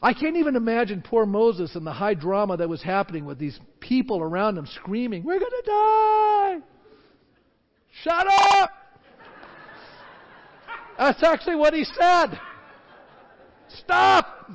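A man preaching a sermon as pastor, animated and acting out the voices of panicked crowds. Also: high-pitched, brisk, few pauses. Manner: animated, acts out shouting crowds. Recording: dull sound with long hall reverb.

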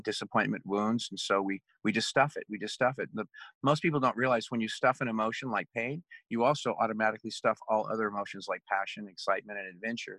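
A man's voice: lowish voice, fairly bright tone, no room sound, low-quality recording. A middle-aged man, an executive coach, earnestly telling a story from a coaching session as a podcast guest, acting out both sides of the talk.

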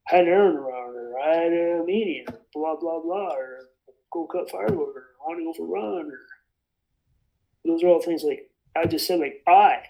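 A man with a high, gravelly voice talks in a rambling, emphatic way. He is passionate in a loose, casual discussion about faith. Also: moderate pace, dull audio. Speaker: bible study participant.

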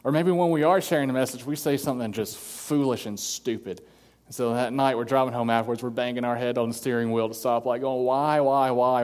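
A man's voice: medium pitch, darkish tone. Man preaching in a reverberant hall. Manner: earnest preaching, acts out quoted voices. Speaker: pastor. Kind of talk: sermon.

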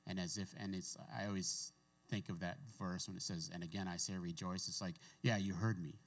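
A man with a fairly low voice delivers a casual sermon. He talks in a conversational way, reading scripture aloud and breaking off into offhand asides. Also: little pitch movement, a little fast. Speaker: pastor.

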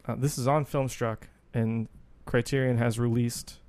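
A man's voice: mid-range voice, level tone, a little slow, darkish tone. A man co-hosting a casual film podcast, talking earnestly with many hesitations. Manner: earnest, hesitant, lots of fillers. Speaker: podcast co-host.

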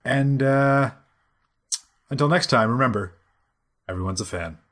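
A man's voice: mid-range voice, a little slow, a bit bright. A man co-hosting a podcast, teasing and laughing through casual banter and the outro plugs. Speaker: podcast co-host.

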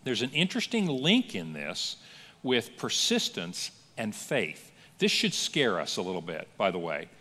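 A man preaching a sermon as pastor, telling stories with lively acted-out quotes in a church. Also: fairly low pitch, measured pace, slightly rough, in a large hall. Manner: animated storytelling with acted-out quotes. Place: church sanctuary.

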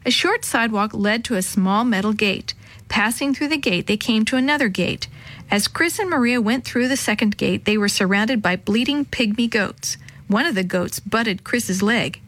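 A woman reading a children's story aloud in a clear, even narration. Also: mid-range voice, normal speed. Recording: dry close sound.

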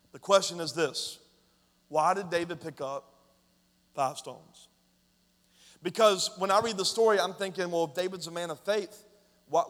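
A man preaching a lively sermon, retelling a story in casual slang and urging the congregation to respond. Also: a little high. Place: church hall. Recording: long hall reverb.

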